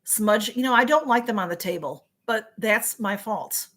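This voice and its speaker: A woman's voice: medium pitch, expressive, moderate pace, a bit bright. A middle-aged woman with a Southern US accent, chatting casually with viewers on a livestream and reading out their comments in a rambling way. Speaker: livestream host. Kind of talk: casual live chat with viewers.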